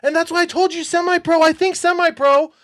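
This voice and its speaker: Very high-voiced excitable man. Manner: excitable, rapid, self-interrupting, gets worked up and yells. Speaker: show host. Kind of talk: excited conspiracy breakdown chat.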